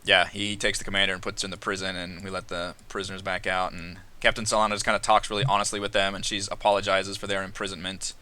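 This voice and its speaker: A man's voice: deep voice, flat delivery, quick pace, few pauses, pushed and bright. A man narrating as game master in a casual, loose way.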